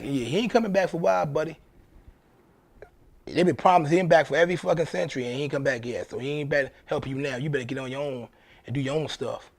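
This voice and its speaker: A man's voice: a little high, brisk, creaky, pauses often, breathy edge. A man, hosting his own show in a blunt, profane casual monologue that repeats points for emphasis. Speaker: show host.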